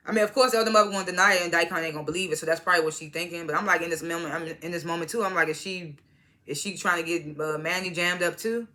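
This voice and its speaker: A woman's voice: on the low side, steady tone, quick pace, pushed and bright. A woman casually recapping a TV episode, retelling scenes by quoting each character in turn and laughing at them. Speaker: TV show reviewer.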